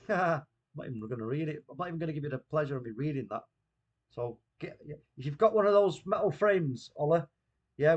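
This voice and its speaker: A man's voice: fairly high pitch, muffled recording. A man hosting a casual live watchalong stream, bantering, reading the chat aloud, and laughing often. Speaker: watchalong host.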